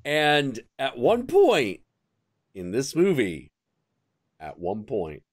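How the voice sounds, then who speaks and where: A man hosting a stream, chatting casually and telling crude, animated stories. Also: medium pitch, slow, no echo. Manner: animated, crude storytelling with bursts of acted quotes. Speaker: stream host. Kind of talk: casual chat.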